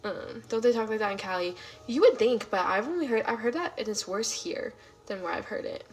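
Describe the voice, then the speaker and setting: A woman's voice: on the high side, expressive, fairly quick. A woman of twenty-one from California chatting casually on a livestream, reactive and full of fillers, sometimes dropping to a whisper.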